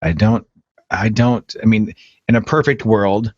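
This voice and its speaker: A man's voice: lowish voice, measured pace, darkish tone, no echo, highs cut off. A man hosting a podcast, chatty and playful in a casual interview. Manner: chatty, playful, self-deprecating. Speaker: podcast host.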